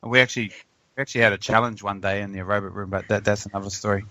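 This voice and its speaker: Casting: New man, keen podcast host, sharp bright voice, rambling energy. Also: on the low side, fairly even intonation, racing, no echo. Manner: enthusiastic, rambling storyteller. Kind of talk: casual podcast chat.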